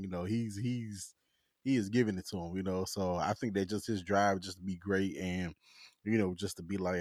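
Lowish guy chatting, acts out quotes, laughs a bunch, dry close sound. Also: brisk, darkish tone, no echo. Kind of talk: casual chat.

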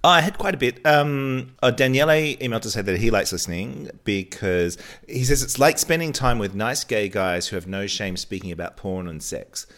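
A man co-hosting a casual podcast chat, trading teasing, quick-witted banter. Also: on the low side, fairly bright tone. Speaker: podcast co-host.

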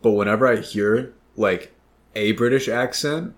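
A man's voice: on the low side, measured pace. A man with a Midwestern American accent, rambling in casual chat as a podcast co-host, swearing and restarting his sentences.

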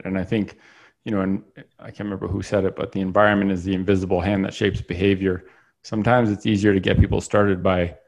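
A man hosting a casual conversation, animated, laughing easily and rambling a bit. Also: lowish voice, vocal fry.

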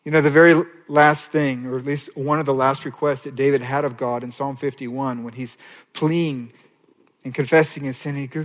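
A pastor preaching an earnest sermon, rising to loud, high passages and dropping to a soft near-whisper on key lines. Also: male voice, fairly even intonation, moderate pace. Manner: earnest preaching with dramatic swings in pitch and volume.

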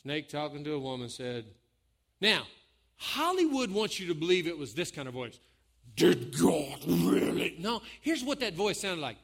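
Animated, high-voiced man preaching. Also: normal speed. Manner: animated, folksy, joking with the congregation. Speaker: pastor. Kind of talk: sermon.

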